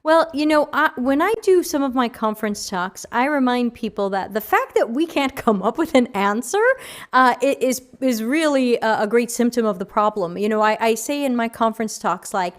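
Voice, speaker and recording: A woman hosting a casual livestream Q&A, chatty and animated, reading chat questions aloud, her voice tired after an hour of talking. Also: on the high side, normal speed. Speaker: livestream AMA host.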